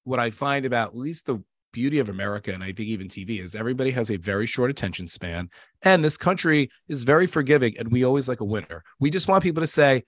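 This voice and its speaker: A man hosting a casual conversational interview, talking in an animated, emphatic way and often running over others. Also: mid-range voice, quick pace, no echo, clean studio sound.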